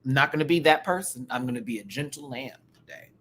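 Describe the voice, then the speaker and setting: A man giving casual live-stream commentary as a show reviewer, animated and campy, with quick asides and laughs. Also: medium pitch.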